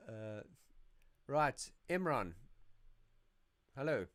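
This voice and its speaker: A man's voice: mid-range voice, normal speed. A man hosting a casual livestream Q&A, chatty and rambling, often laughing and restarting his sentences. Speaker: YouTube channel host.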